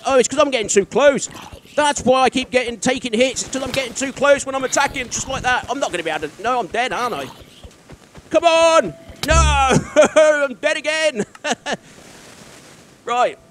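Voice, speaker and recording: Man, very high voice, let's-play commentary, self-mocking, chuckling, exasperated. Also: a bit bright, a little hiss or hum. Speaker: gaming video creator. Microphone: desk microphone.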